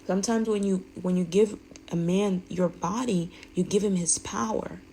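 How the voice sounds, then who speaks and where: A woman's voice: medium pitch, fairly even intonation, moderate pace, vocal fry, mellow, a little hiss or hum, poor audio. A woman speaking candidly in a rambling, emphatic way, often restarting her sentences. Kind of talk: candid personal monologue.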